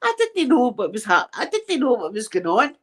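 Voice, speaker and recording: Animated Scottish woman telling stories. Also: a little high, normal speed. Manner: animated, swearing, laughing at own stories. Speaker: ASMR channel host. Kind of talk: casual anecdote telling.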